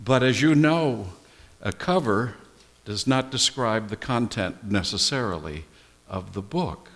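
A male pastor delivers a sermon at an unhurried, measured pace, his pitch rising and falling expressively. His voice rings out with the long reverb of a large church hall. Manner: slow, deliberate preaching with animated pitch.

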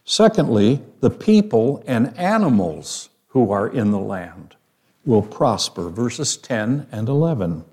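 A man's voice: medium pitch, very animated, warm tone, husky. A man preaching a sermon, teaching verse by verse. He reads scripture aloud and puts questions to his listeners. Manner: slow, deliberate, reads scripture aloud, asks the audience questions.

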